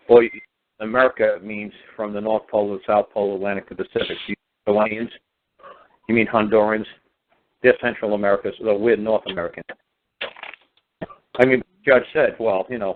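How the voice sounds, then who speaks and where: A man's voice: on the low side, steady tone, brisk, pauses often, noisy background. A man speaking as a guest on a call-in talk show, ranting emphatically and repeating himself. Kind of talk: casual phone-in talk. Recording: tinny phone line.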